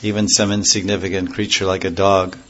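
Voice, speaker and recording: A man giving a devotional lecture in a measured, explanatory way, often repeating and restarting phrases. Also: deep voice, level tone, fairly bright tone, muffled recording, a little hiss or hum. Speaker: religious teacher.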